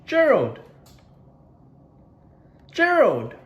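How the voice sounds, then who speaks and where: A man voicing an excitable, cheerful little pig in a storybook read-aloud, in a high, bright, excited voice. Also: takes it slowly, dull audio, full character voice.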